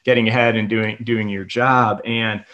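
A man's voice: lowish voice, little pitch movement, moderate pace, sharp tone, highs cut off. A man hosting a business podcast, chatting casually and agreeably, loose and a bit rambling. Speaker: podcast host. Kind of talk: casual interview chat.

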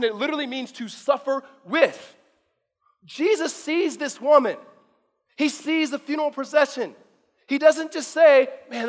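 A man in his thirties, a pastor preaching a sermon in a conversational, animated way, often repeating words as he goes. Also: very high voice. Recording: long hall reverb.

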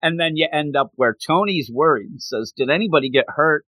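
A man's voice: a little high, brisk, no room sound. A man casually chatting on a podcast, recapping a comic book with lots of laughter and acted-out character lines. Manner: animated storytelling, acts out characters' lines, laughs often.

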